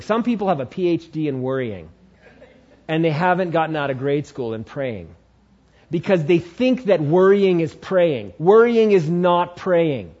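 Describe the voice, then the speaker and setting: A male pastor preaching a sermon, driving his point home by repeating key phrases, with dramatic swings in pitch. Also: moderate pace, warm tone. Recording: dull lo-fi sound.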